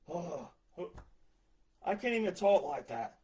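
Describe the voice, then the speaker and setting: A forty-something man with a drawl and a notably high voice, ranting in a heated, sarcastic monologue. He mocks his critics in put-on voices between angry outbursts. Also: measured pace, rough recording. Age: 40s. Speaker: retired veteran ranting about country music.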